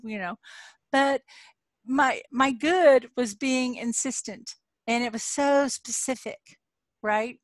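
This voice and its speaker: An older woman hosts a live coaching webinar in a fairly high voice, recorded close and dry. She tells stories chattily and laughs often, then eases into soft, unhurried prompts for her listeners. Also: dry recording. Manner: chatty storytelling with frequent laughs; slows into soft guided prompts. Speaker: coach hosting a live online event.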